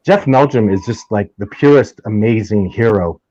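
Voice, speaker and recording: A man's voice: on the low side, normal speed, warm tone, dull audio. A man being interviewed as a guest, telling stories in a rambling, enthusiastic way, often restarting his sentences and getting heated. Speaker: guest, Sasquatch researcher. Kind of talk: casual interview storytelling.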